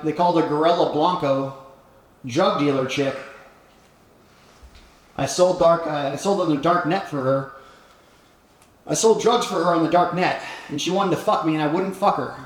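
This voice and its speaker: A man guesting on a podcast, telling a story in an animated, profane way with frequent laughter. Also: on the high side. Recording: roomy echoing room.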